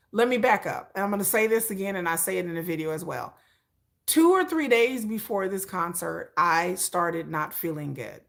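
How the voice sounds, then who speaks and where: A woman hosting a casual livestream, telling a long story in an animated, chatty way, rambling with restarts and acting out little asides. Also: medium pitch. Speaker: livestream host.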